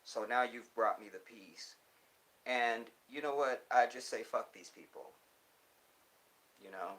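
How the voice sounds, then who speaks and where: A man's voice: medium pitch, measured pace, fairly bright tone. A man hosting a casual livestream, reading viewer comments and answering them in a profane, emphatic and preachy way, often checking in with the listener. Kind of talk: casual live chat.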